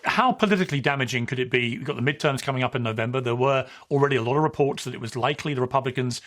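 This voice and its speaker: A man's voice: mid-range voice, racing, a bit bright. A man hosting a political interview, asking probing questions. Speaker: interview host.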